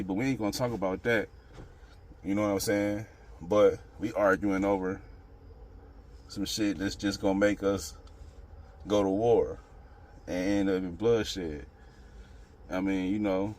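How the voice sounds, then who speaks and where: A man with a notably low voice talks straight to his channel's viewers in an unscripted opinion monologue. He rambles, circles back on his points, and leans on slang and the same filler phrases again and again. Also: darkish tone. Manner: rambling, street slang, repeats "you know what I'm saying". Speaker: channel host.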